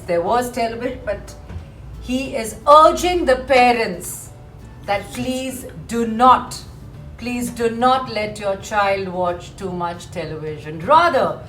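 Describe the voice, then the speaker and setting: A woman teaching a poem in an online class, animated and repeating words for emphasis. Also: a little high, echoey room. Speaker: English teacher.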